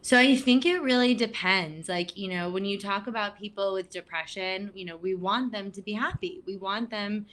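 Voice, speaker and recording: A woman speaking as a guest at an online event, chatty and animated, acting out bits of dialogue. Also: medium pitch, normal speed, few pauses. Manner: chatty, frequent "like", acts out quoted dialogue. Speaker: guest speaker on mental health. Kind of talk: casual talk at an online event.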